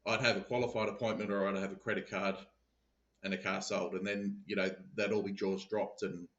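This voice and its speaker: A low-pitched man talks through his sales stories in a casual podcast chat, often stumbling and repeating words as he restarts a thought. His voice sounds roomy and a little dull, as if it was recorded remotely in an echoey room. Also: level tone, a little fast, a bit bright. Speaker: podcast guest, sales business founder. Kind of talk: casual conversation.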